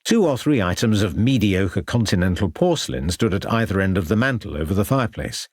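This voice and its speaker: A man narrating a crime audiobook in a measured, descriptive way. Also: fairly low pitch, lively intonation, dry recording, studio quality. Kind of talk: scripted narration.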